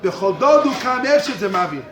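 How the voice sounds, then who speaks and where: A man races through a yeshiva Torah class in a very high-pitched, animated, slightly bright voice, repeating his points with emphasis and calling on students by name. He's in a study hall full of students, and the room echoes.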